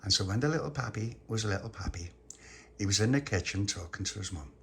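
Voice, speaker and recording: A man's voice: lowish voice, quick pace, a little hiss or hum. A man telling a comic bedtime story in a playful, rambling way. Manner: playful, animated, rambling repetitions. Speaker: storyteller host.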